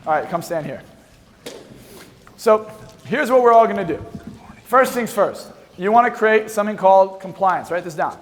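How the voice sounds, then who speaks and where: A young man giving an energetic, boastful hypnosis seminar to a live audience, telling stories from the stage. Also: sits high, moderate pace, pauses often. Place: large hall with a stage. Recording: long hall reverb.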